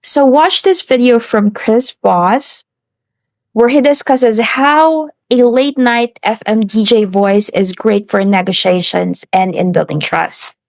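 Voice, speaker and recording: Woman presenter with a gravelly edge. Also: on the high side, slow, no echo. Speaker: student presenter. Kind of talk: reading a class lesson.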